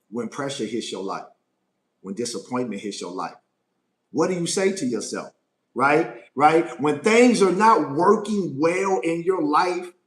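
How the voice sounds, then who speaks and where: Emphatic male life coach, echoey room. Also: on the high side. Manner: emphatic, repeats phrases and asks "right?" often. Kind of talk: live motivational Q&A talk.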